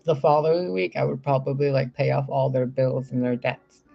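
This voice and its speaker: A man's voice: medium pitch, normal speed, creaky. A man talking in a casual, rambling, profane monologue as a spiritual reader. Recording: slightly muffled with faint music. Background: faint music.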